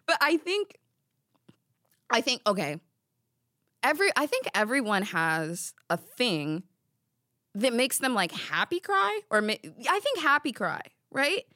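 A woman's voice: a little high, sing-song, unhurried, pushed and bright, no room sound. A young woman hosting a podcast in a studio, chatting casually in a rambling, giggly, self-deprecating way. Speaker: podcast host. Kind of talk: casual chat.

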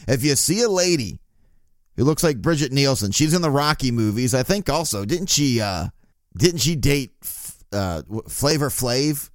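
A man's voice: mid-range voice, animated, moderate pace, dry recording, clean studio sound. A male podcast host telling a profane, laugh-filled anecdote in a casual storytelling style.

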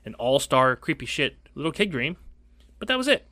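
A middle-aged man spins a wild story in loose podcast banter. He swears freely, talks with a bright, forceful edge, and jumps into high squeaky voices when he quotes people. The sound is close and dry, with no room around it. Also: normal speed, no echo. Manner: animated, profane, does squeaky quoted voices. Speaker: podcast co-host. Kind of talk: casual storytelling chat.

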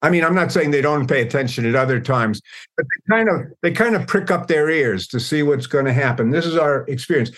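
A man in an interview, speaking in a measured, reflective way about working together on set. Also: a little high, a bit bright. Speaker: film collaborator. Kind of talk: interview recollection.

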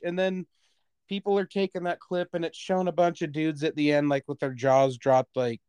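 Podcast co-host, a man with a smooth, slightly high voice, animated and chatty, laughing mid-story. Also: a little fast, dry recording. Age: adult parent. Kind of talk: casual podcast chat.

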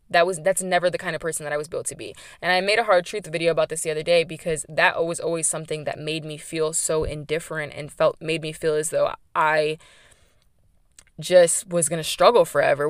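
A woman's voice: fairly low pitch, fairly bright tone, no echo. Candid young woman podcaster, dry sound. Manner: candid, chatty, emphatic with frequent "like". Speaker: podcast host. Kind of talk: personal faith podcast monologue.

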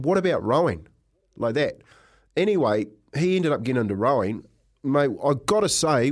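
Middle-aged New Zealand man, co-host; rambling storyteller, talks casually. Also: medium pitch. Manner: rambling, says "mate" a lot.

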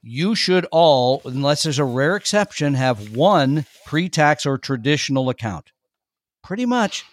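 A man's voice: mid-range voice, animated, unhurried, no echo. Chatty, emphatic man co-hosting a money show. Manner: chatty, emphatic, laughs easily. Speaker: radio show co-host. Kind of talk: casual money-advice talk.

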